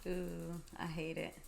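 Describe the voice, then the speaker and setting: A woman's voice: lowish voice, vocal fry. A woman co-hosting a podcast, reacting to spooky stories with gasps, groans and short exclamations. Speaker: podcast co-host. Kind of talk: casual chat, reacting.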